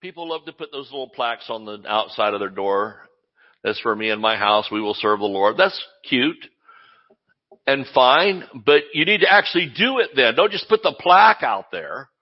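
A male pastor preaching a sermon in an animated, exclamatory way, often laughing as he speaks. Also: medium pitch, normal speed, muffled recording.

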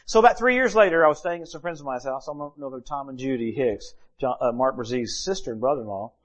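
A middle-aged man preaching a sermon, reading Bible verses and telling stories with lively humor. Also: medium pitch, quick pace.

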